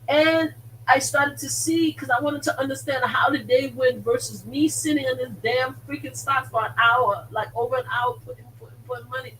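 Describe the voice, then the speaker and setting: A woman's voice: a little high, slight background noise. Emphatic woman live-streaming from a distance. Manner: emphatic and animated, repeating words for stress. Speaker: host of a slot-gambling live stream. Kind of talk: casual live-stream storytelling.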